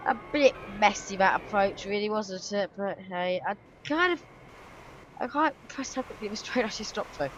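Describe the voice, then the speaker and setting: Chatty woman over train noise. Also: mid-range voice. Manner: chatty, self-correcting, quick exclamations. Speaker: channel host. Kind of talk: live game commentary. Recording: train engine noise underneath.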